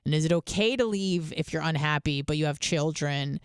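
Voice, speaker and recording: Female radio host, smooth clear voice, dry close sound, candid rambling chatter with fillers and swearing. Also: deep voice, fairly quick, no echo. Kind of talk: casual storytelling monologue.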